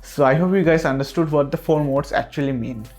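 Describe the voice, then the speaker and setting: A man's voice: a little high, brisk, darkish tone. Man, tech reviewer, earnest and reassuring, usb desk mic, faint music behind. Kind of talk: product review. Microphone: USB desk microphone.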